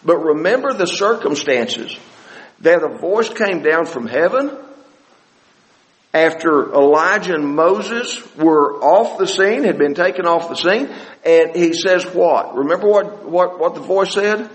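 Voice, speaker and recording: A man with a notably high voice teaches a Bible study sermon. He often halts, repeating a word or two while he looks for the phrase. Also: animated, in a large hall, low-quality recording. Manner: halting, repeats words while searching. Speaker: preacher.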